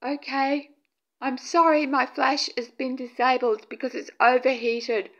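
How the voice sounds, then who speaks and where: High-voiced woman, slow, excitable paranormal vlogger addressing spirits. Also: highs cut off. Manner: breathless excited exclamations; talks softly to spirits, pleading. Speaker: paranormal video maker. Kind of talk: excited paranormal vlog narration.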